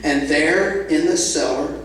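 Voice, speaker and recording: A man's voice: fairly high pitch, takes it slowly, fairly bright tone. A man telling a story live to a family audience, playful, with sound effects and questions to the listeners. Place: event hall with live audience. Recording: echoey hall, distant mic.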